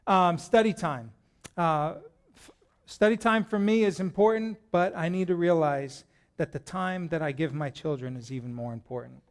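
A middle-aged man preaching a sermon to a congregation in a church, lively and joking as he talks to them directly. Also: fairly high pitch, moderate pace. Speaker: pastor.

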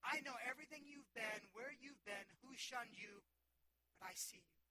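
A man's voice: very high voice, normal speed, a crowd in the background. A man preaching and voicing a compassionate adult male savior who speaks with emphatic, repeated reassurance. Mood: tender.

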